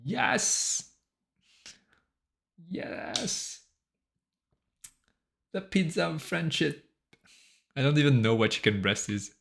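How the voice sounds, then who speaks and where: This French-accented man has a slightly high, slightly bright voice with some creak and a mildly sore throat. He streams as a solo game developer, rambling casually and amusing himself, speaking extremely slowly with frequent pauses but very animated.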